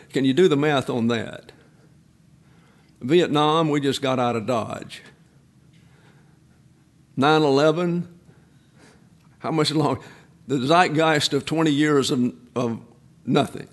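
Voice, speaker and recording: A man's voice: medium pitch, vocal fry. A man in his eighties preaching a sermon, a pastor who drifts into folksy personal stories with frequent restarts. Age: 80s.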